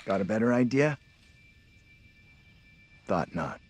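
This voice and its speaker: An actor playing a calm, skeptical man who reasons dryly with a frightened group. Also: fairly low pitch, takes it slowly.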